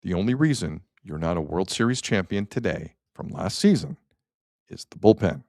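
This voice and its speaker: Guy hosting sports talk, kinda low voice, ranting with lots of questions, dry mic. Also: expressive, normal speed, darkish tone, dry recording. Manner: emphatic, rhetorical, wry ranting. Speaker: sports talk show host.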